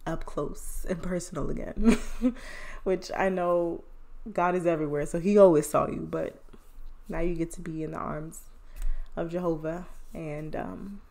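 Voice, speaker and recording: A woman's voice: on the low side, steady tone, a little slow, gravelly, a little mellow. A woman hosting a podcast, speaking in an earnest, encouraging casual monologue. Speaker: podcast host. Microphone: phone headphone mic or podcast mic.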